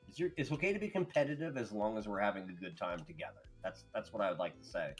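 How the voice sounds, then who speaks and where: A man's voice: lowish voice, soft background music. Rambling, profane podcast co-host man. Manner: rambling, profane, quick to laugh. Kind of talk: casual podcast chat.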